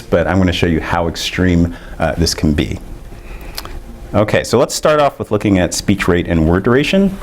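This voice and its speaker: A middle-aged man giving an academic lecture, explaining ideas in a measured way with frequent fillers. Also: fairly low pitch, a little hiss or hum.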